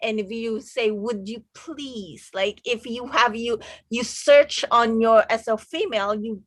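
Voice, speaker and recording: Hesitant woman with a higher voice, dry sound. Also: a little slow, no echo. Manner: hesitant, searching for words, many fillers. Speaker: discussion participant. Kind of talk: casual group discussion.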